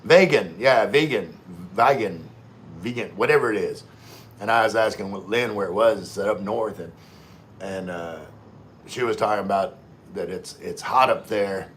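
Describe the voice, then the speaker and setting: A fairly low-voiced man hosts a relaxed livestream. He reads viewer comments aloud and answers them, often repeating words as he goes. A faint hum of room ambience sits under his voice. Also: normal speed. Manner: easygoing, repeats words and restarts while reading. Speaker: livestream host.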